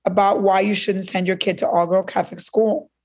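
Her medium-pitched voice runs slightly fast as this middle-aged Cuban interview guest tells a personal tale. She is animated throughout and acts out what others said.

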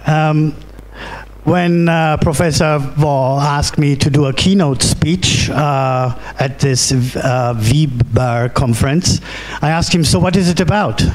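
A middle-aged man with a German accent delivers a keynote at a conference. His voice sits a little high for a man. He speaks haltingly, restarts often and keeps asking "right?". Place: conference hall.

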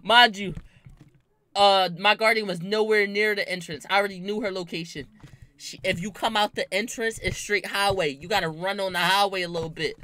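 A young man with a very bright, fairly high voice. He tells a story casually and full of slang, acting out the voices of everyone in it. He is animated and talks with lots of energy. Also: normal speed.

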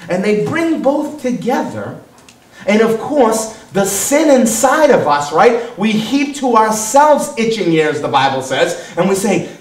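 Animated male pastor preaching in a roomy hall. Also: high-pitched, a little slow, distant mic. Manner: animated preaching, mimics voices of others. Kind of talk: sermon.

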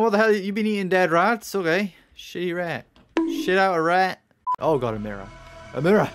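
A gamer commentating a horror game, shrieking and swearing in panic at the scares, then muttering quietly while working out puzzles. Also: medium pitch. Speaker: let's play gamer.

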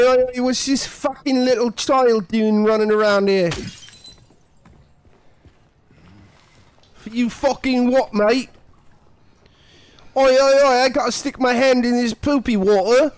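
A man putting on a brash, foul-mouthed Cockney bloke, a horror game hero who shouts and taunts everything in his way. The mock-Cockney accent is pitched high and pushed, loud and rowdy. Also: clean tone, no room sound. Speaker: streamer.

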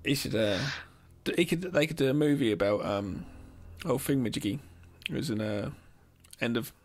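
A man's voice: medium pitch, moderate pace. A man co-hosting a podcast, chatting casually about films in a rambling, hesitant way with swearing. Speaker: podcast co-host.

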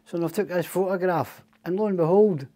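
A man's voice: high-pitched, brisk, dark tone. A Scottish man telling long stories as a podcast guest, rambling and swearing freely. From Scotland. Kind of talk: casual storytelling chat.

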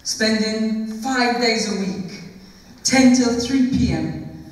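A woman's voice: fairly high pitch, slow pace. An older woman with a Jamaican accent speaks at a funeral, tearful but earnest. She reads scripture in a lilting, churchly cadence. Her voice rings with the long reverb of a church hall. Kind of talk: heartfelt eulogy with scripture reading.

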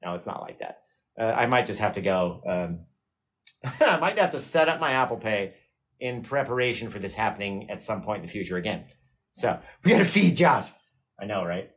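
A man's voice: lowish voice, very animated, normal speed. A man hosting a live painting stream, chatting casually with viewers in a rambling, self-mocking way and laughing often. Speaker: livestream painting host.

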